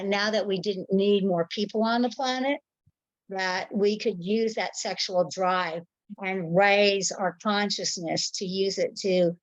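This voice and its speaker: A woman's voice: on the low side, no echo, highs cut off. A woman sharing a personal memory in casual talk, rambling and searching for words, on a video call.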